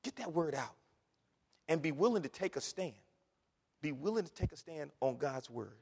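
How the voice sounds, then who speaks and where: High-voiced preacher in a reverberant hall. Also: male voice, lively intonation, normal speed, husky. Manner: dynamic, swings from hushed whispers to loud exhortation. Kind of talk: sermon.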